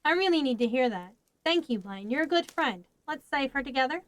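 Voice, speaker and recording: A woman's voice: high voice, expressive, fairly quick, no echo. A woman voicing an earnest young monster girl in a storybook reading, speaking eagerly.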